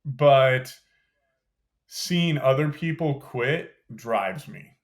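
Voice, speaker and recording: A man's voice: medium pitch, extremely slow. Man recounting military training, casual and detailed. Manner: conversational, detailed, frequent "you know" and "like" fillers. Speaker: podcast guest, former Green Beret. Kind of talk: casual storytelling interview.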